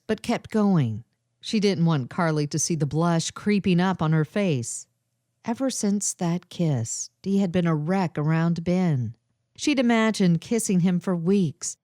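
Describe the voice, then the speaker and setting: A woman narrating a novel in an expressive, storytelling manner. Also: on the low side, no echo, studio quality. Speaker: audiobook narrator. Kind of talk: scripted narration.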